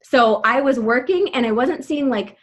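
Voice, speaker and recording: A woman in her thirties leading a team call, telling a personal story quickly and breathlessly, full of "like" fillers, her voice shaking with emotion. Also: high-pitched, lively intonation. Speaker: team leader speaking to her coaching team.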